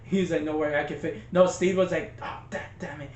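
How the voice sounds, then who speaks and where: A man's voice: on the high side, fairly even intonation, fairly quick, darkish tone. A man co-hosting a casual movie review, retelling scenes with laughs and acted-out quotes. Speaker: podcast co-host. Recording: echoey lo-fi room with faint noise.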